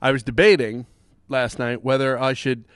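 Clean studio sound with no room echo carries this podcast host's clear, resonant, fairly bright mid-range voice at a moderate pace. His casual chat rambles along with jokes and lots of fillers.

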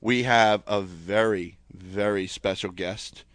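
A man hosts a casual podcast in a lowish, slightly sore-throated voice. He jokes and rambles with plenty of fillers. The mic is close and dry. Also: fairly even intonation, slow pace, a bit bright, no room sound. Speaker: podcast host. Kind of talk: casual chat.

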